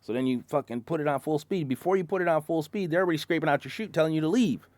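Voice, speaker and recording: A man's voice: on the high side, rapid-fire, a little mellow, no room sound. A man in casual bar talk, telling profane stories about his job as a concrete truck driver and acting out his coworkers.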